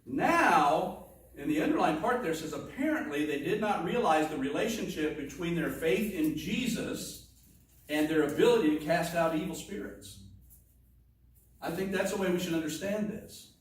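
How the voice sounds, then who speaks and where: A man's voice: a little high, lively intonation, moderate pace. Man preaching in an echoey church. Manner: conversational teaching, frequent asides and restarts. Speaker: pastor. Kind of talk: sermon. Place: church sanctuary. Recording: echoey room, distant mic, faint noise.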